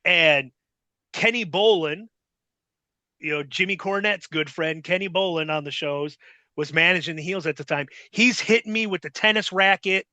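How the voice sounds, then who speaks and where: A middle-aged man tells a rambling, swear-filled story in a casual interview. His voice sits high and bright, with a forceful edge. The sound is dry and close, with no room around it. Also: normal speed, dry recording. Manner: profane, rambling, animated retelling. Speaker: guest.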